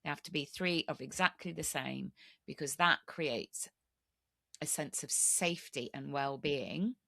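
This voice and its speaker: A woman's voice: sits low, measured pace, vocal fry, sharp tone, dry recording, studio quality. A woman hosting a podcast, speaking candidly and reflectively about her own experiences. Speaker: podcast host. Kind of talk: conversational podcast interview.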